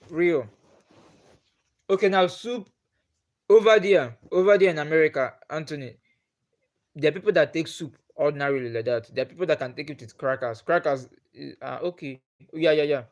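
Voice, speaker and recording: A man's voice: fairly high pitch, normal speed. A man with a Nigerian accent, chatting on a live stream and putting the same questions to his viewers again and again. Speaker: livestreamer.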